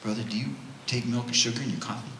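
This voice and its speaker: A man voicing a kind, humble homeless man who speaks softly and earnestly, in a roomy hall. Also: medium pitch, fairly even intonation, very fast, close to an everyday voice. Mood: gentle. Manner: soft, earnest. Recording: roomy hall with faint noise.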